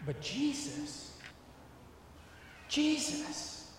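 Man, middle-aged, preacher, slow delivery, fervent repetition, distant mic, long church reverb. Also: very high voice, very animated, background noise. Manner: builds from hushed to fervent, emphatic repetition. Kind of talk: sermon. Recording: echoey hall, far from mic.

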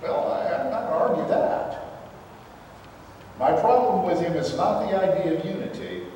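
A man hosting religious commentary, reading from documents and making earnest, emphatic points with halting restarts. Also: high voice, lively intonation, mellow, a little hiss or hum. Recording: echoey hall from far off.

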